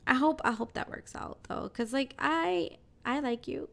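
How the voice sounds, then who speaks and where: A woman's voice: high voice, moderate pace, gravelly. A woman hosting a podcast, teasing her guest and laughing often. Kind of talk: casual chat.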